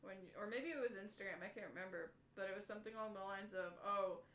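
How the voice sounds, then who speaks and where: A woman's voice: medium pitch, fast talker, a bit bright, echoey room, a little hiss or hum. A young woman chatting casually during a stream, chiming in with teasing jokes and questions. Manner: joking, teasing interjections. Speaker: stream co-host. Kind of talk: casual chat while model building.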